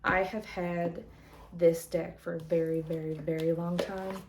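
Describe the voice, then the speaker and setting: Slow, soft-spoken woman chatting. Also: lowish voice, flat delivery, background noise. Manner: rambling, soft-spoken, many fillers. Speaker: tarot vlogger. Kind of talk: casual chat showing tarot decks.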